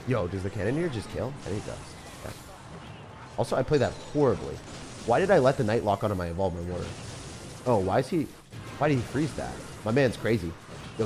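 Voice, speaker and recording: A young man commentating his own game on a live stream, fast and jokey, chatting to viewers as he plays. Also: lowish voice, darkish tone. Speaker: gaming streamer.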